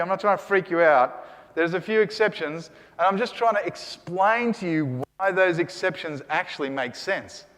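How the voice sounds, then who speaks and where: Male lecturer, high and very expressive, lecture-hall reverb. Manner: animated, checks in with the class often. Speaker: Greek language teacher. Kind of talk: classroom lecture.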